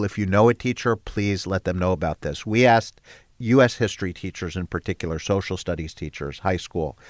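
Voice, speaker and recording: A man's voice: low-pitched, no room sound, clean studio sound. An older man, the head of a nonprofit, telling stories earnestly in an interview, with fillers and restarts. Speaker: guest, head of a storytelling nonprofit. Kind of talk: conversational interview.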